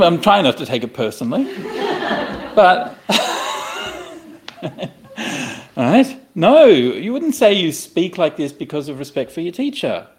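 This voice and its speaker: A man teaching a Buddhist scripture to listeners in a conversational, animated way, often checking in with "right?" and making playful asides. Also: a little high. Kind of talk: dharma talk explaining a scripture.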